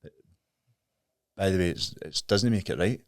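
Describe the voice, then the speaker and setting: A Scottish man in his thirties with a very deep voice talks openly and earnestly as a podcast guest. His manner is plain-spoken and candid. The recording is dry, with no room sound. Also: moderate pace, dry recording. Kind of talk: candid recovery story in conversation.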